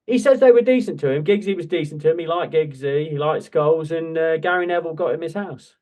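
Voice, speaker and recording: A man's voice: a little high, fast. Chatty man telling football stories. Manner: animated storyteller, swears, laughs often. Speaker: podcast co-host. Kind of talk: casual chat.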